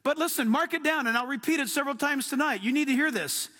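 High, bright-voiced preacher in a reverberant hall. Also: male voice. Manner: emphatic, drawn-out preaching with sudden swells. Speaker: pastor. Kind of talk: sermon.

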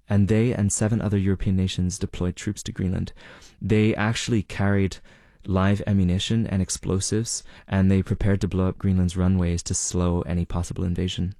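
A man with a very deep, mellow voice lays out what he has reported in a measured, explanatory way. He slips in the odd filler as he thinks. The sound is close and dry. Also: gravelly, no room sound. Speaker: reporter guest. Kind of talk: interview answers.

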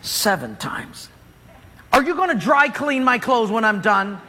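A man's voice: very high voice, very animated, a little slow, bright, forceful tone, a little hiss or hum, heavily acted. A man voicing a furious, proud army general who grumbles indignantly.

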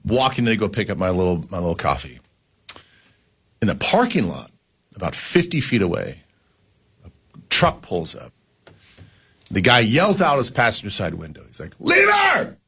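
A man's voice: deep voice, moderate pace, pauses often, slightly rough. A middle-aged man co-hosting a radio show, telling a story animatedly in casual on-air banter. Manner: animated storyteller, acts out quotes.

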